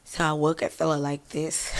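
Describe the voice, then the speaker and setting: A woman's voice: low-pitched, level tone, normal speed. A woman hosting a podcast, talking through an emotional personal monologue in a raw, rambling, self-mocking way, still tearful after crying. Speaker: podcast host.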